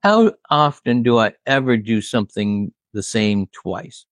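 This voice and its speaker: A man's voice: fairly low pitch, sing-song, a little slow, dry recording. A man putting on the voice of a blunt, irritable male rock legend who barks out curt, cursing outbursts. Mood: irritated.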